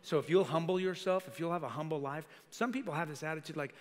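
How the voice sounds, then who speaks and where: A male senior pastor preaching a lively sermon to a congregation, acting out quoted voices and putting questions to the crowd. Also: fairly high pitch, fairly quick. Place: church sanctuary. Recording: live sermon in a reverberant church hall.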